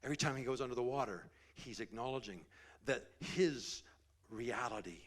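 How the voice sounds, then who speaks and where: A man preaching, telling a Bible story in a loose, animated way, sometimes dropping to a whisper for drama. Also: medium pitch, normal speed. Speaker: pastor. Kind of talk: sermon storytelling.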